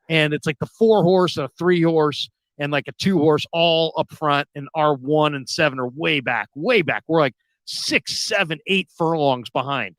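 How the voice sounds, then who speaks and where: A radio host telling a long story in casual chat, acting out the people in it with loud, high outbursts. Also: male voice, measured pace, no echo. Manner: animated, acts out quoted people with sudden loud high outbursts.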